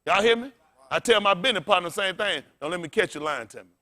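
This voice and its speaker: A man preaching with a high, bright, ringing voice, calling out questions for the congregation to answer. He is blunt and profane, animated, and often breaks into laughter. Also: quick pace. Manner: loud call-and-response preaching, blunt and profane. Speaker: pastor. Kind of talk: sermon.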